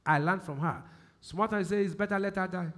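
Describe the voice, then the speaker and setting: Male pastor, Nigerian accent, sermon delivery, high bright voice, call-and-response phrasing. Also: a little fast. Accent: Nigerian English. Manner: call-and-response questions, repeats key phrases, swings from loud emphasis to quiet.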